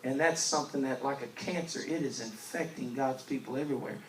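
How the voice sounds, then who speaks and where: A male evangelist, preaching a storytelling sermon and swinging from loud emphasis to hushed asides, recorded in a church. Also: medium pitch, brisk, a little hiss or hum. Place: church sanctuary. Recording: roomy church recording from a distance.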